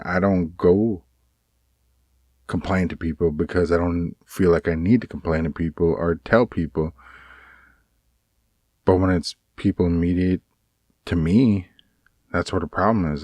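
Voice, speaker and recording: A man talking in a casual personal vlog, rambling and halting with many restarts, earnest and aggrieved. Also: deep voice, dry recording, studio quality. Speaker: vlogger.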